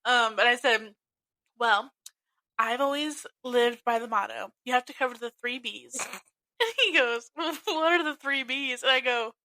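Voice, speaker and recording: Bright-voiced young woman telling stories. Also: fairly high pitch, measured pace, dry recording, low-quality recording. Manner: giggly, animated storyteller. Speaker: podcast host. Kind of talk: casual chat.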